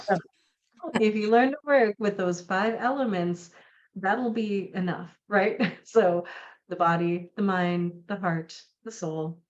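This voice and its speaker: A woman guest in an online interview, talking in a calm, flowing, spiritual way. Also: lowish voice. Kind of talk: casual interview chat. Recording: dull lo-fi audio.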